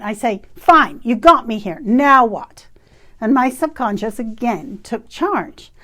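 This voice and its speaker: A woman in her fifties from Canada tells a personal story with a fairly high voice. She speaks in an animated, emphatic way and laughs now and then. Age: 50s. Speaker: retreat facilitator.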